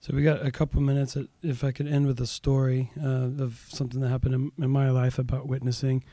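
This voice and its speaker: A man serving as a pastor tells a story in a relaxed podcast conversation, his voice mellow and dark. He raises his voice and livens up whenever he quotes someone. The sound is dry and close to the mic. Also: mid-range voice, fast, no echo. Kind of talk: casual storytelling in a podcast chat.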